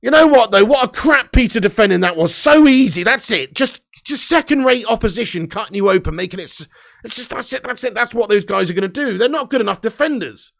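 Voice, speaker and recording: A man's voice: high-pitched, animated, a little fast, gravelly. A young man hosting a live football watch-along, commentating and ranting with lots of swearing. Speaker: fan watch-along host.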